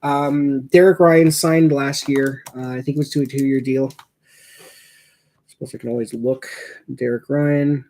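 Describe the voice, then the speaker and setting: A man's voice: mid-range voice, steady tone, unhurried, long pauses, a little mellow. Man rambling through watch-along hockey chat. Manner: rambling, reactive, many fillers. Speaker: hockey fan commentator. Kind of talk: casual watch-along commentary.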